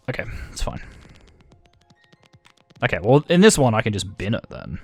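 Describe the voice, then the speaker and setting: A gravelly-voiced Australian man talks through a video game in a casual, self-deprecating way, thinking aloud as he goes. His pitch jumps around a lot. The sound is close and dry, with faint game music underneath. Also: very animated, moderate pace, pauses often, dry recording. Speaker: gaming channel host. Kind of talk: let's-play commentary.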